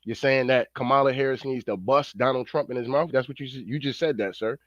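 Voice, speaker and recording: A man's voice: mid-range voice, brisk, a bit bright, no room sound, muffled recording. A man doing profane reaction commentary, slangy, rambling and fired-up. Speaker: online commentator.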